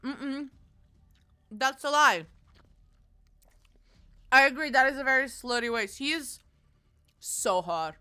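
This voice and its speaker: A woman's voice: sits high, slow, pauses often, sharp tone, smooth. A woman from Portugal, chatting casually and teasing her viewers while streaming a game, swearing freely. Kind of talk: casual gaming stream chat.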